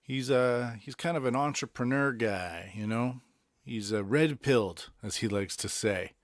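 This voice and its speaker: A man's voice: mid-range voice, very animated, a little slow, no echo, clean studio sound. A man from Boston with a Boston accent, hosting a casual solo podcast and chatting about songs in a rambling way, with many fillers. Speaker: podcast host. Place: Tokyo.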